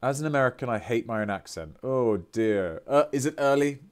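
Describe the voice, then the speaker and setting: A British voice actor streams a game and chats excitedly with his viewers, reading their messages aloud with playful, theatrical outbursts. His voice is medium-pitched and brisk.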